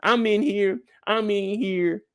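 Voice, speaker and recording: A man's voice: high voice, steady tone, slow, fairly bright tone, clear, resonant tone, dry recording, clean studio sound. A young man hosting a live after-show discussion, telling loose, profane, rambling stories. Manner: loose, profane, storytelling riffs. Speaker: show host.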